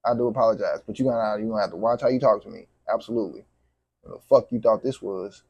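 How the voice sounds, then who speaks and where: A man's voice: fairly low pitch, quick pace, a little mellow, no echo, dull audio. A man vlogging to camera, venting in a heated, profane, repetitive way.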